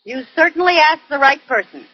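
A woman's voice: sits high, animated, fairly quick, slight background noise. An actress in her twenties playing a chatty, scatterbrained young wife in a 1940s radio comedy, bubbly and giggling. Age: 20s. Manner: bright, bubbly, giggling delivery. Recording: dull old radio broadcast.

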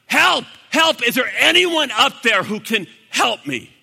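A man voicing a panicked man hanging from a cliff, yelling frantically for help. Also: very high voice, big pitch swings, takes it slowly, husky, in a large hall, voice pushed up, heavily acted.

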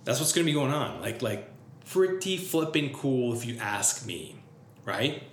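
A man's voice: mid-range voice, animated, measured pace, a little hiss or hum. A man talking in a casual, rambling monologue, full of fillers and swearing, enthusiastic. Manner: filler-heavy, profane, enthusiastic. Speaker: business vlogger. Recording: roomy echo, faint ambience.

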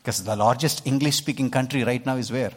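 Indian guy preaching, kinda husky, keeps asking the crowd "okay?", big echoey church hall. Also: mid-range voice, a little fast. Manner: emphatic, keeps checking in with the congregation. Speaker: pastor. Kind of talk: sermon. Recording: long hall reverb.

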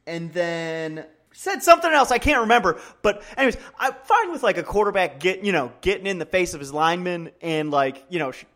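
A man's voice: high-pitched, animated, brisk, few pauses, fairly bright tone. A man co-hosting a podcast, talking loosely about college football with lots of fillers. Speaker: podcast co-host. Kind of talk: casual sports chat.

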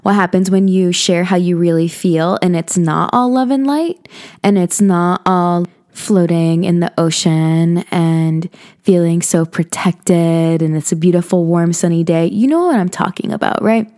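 A woman's voice: on the low side, a little slow, dark tone. Earnest woman hosting a spiritual talk. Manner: earnest and conversational, with frequent "you know" and "like". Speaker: podcast host. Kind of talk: casual spiritual self-help talk.

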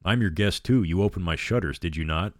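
A man reading aloud, voicing a cruel male vampire who speaks gently and silkily with quiet menace. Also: low voice, fairly quick, no room sound, studio quality, lightly acted. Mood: silky menace. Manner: gentle, silky, quietly threatening.

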